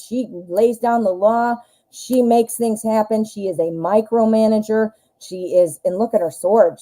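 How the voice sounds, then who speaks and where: A woman's voice: medium pitch, dark tone, rough recording. A woman in her forties hosting a live tarot reading stream, chatting casually with fillers and self-corrections as she thinks aloud.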